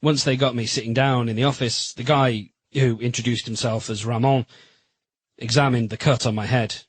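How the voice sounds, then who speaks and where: A man narrating a first-person romance audiobook in a steady, measured reading. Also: medium pitch, husky, dry recording, low-quality recording.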